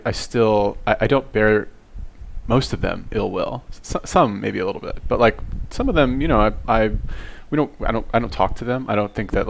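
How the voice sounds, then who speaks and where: Low, gravelly man rambling casually. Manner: rambling, lots of fillers and restarts. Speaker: reaction video commentator. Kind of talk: casual commentary.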